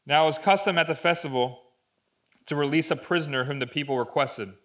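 Bright-voiced male preacher telling a story. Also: fairly high pitch, fairly quick. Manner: storytelling, acting out voices in Bible readings; drops to a hushed tone at dramatic moments. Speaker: pastor. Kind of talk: sermon.

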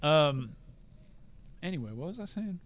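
Chatty young man with a slightly higher voice. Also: very animated, a little slow. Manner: joking, rambling, self-mocking. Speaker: podcast co-host. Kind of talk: casual chat.

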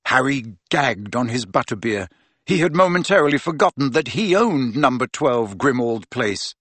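Guy reading a novel aloud, lively ups and downs, dry close sound. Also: medium pitch, normal speed, dry recording. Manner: expressive. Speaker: audiobook reader. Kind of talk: audiobook narration.

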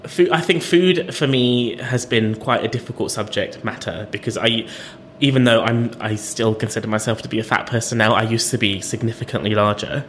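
Young british guy, guest on a podcast, low voice, thinking out loud, faint rumble behind. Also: a little fast, few pauses. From Britain. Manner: reflective, hesitant, laughs often. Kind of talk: casual interview conversation.

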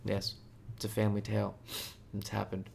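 A man in casual chat, telling stories loosely and profanely, with bursts of loud joking. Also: lowish voice, completely flat delivery, a little fast, gravelly.

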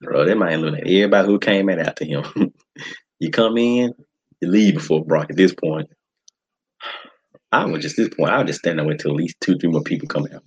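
A low, husky-voiced man calls a wrestling match as he watches it. He talks casually, then breaks into loud, high, excited shouts. The recording sounds dull and lo-fi. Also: a little fast. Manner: animated, casual slangy talk with sudden high excited shouts. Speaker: podcast host. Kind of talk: excited live wrestling watch-along commentary.

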